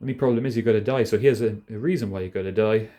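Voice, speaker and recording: Profane, rambling man with a mellow voice. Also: fairly low pitch, racing. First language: not American. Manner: profane, rambling, laughs often. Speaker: vlogger. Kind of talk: casual rambling rant. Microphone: phone held in hand.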